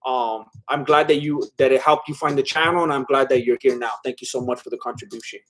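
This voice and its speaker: A man's voice: medium pitch, steady tone, quick pace, crowd noise. A man hosting a casual live watch-along stream, reading viewer comments aloud while eating, chatty and a bit scattered, laughing often. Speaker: livestream host.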